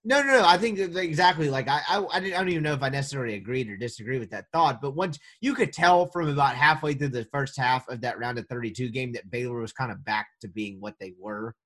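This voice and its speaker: A man co-hosting a casual sports podcast, talking in an animated, joking way with quick restarts. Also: medium pitch. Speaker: podcast co-host.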